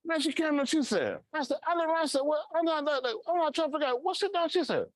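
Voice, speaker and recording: Animated man telling stories in a sermon. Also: extremely high pitch, fast talker, no echo. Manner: animated, acts out voices in his stories. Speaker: pastor. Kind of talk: casual storytelling sermon.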